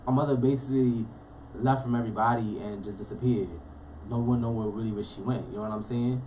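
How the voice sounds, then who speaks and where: A young man from Florida, a guest telling his life story in a casual, animated way, full of street slang. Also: medium pitch, a little hiss or hum. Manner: fast, animated, streetwise slang, frequent "you know what I'm saying". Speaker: interview guest.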